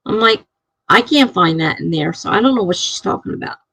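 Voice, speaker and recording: A woman's voice: mid-range voice, lively intonation, a little fast, creaky, bright, forceful tone, slightly rough, no room sound, rough recording. A middle-aged woman streaming live, chatting casually and chuckling as she reads out viewer comments.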